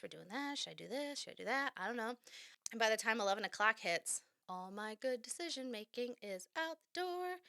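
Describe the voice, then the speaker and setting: Bright-voiced lady podcaster, fairly high, frank and animated, swears a bit. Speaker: podcast host. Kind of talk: candid solo podcast talk.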